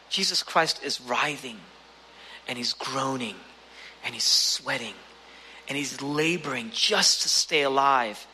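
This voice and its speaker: A man preaching a sermon with emphatic delivery, swinging between raised, urgent passages and hushed, low ones, and often asking the listeners rhetorical questions. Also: breathy edge. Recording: long reverb of a large hall.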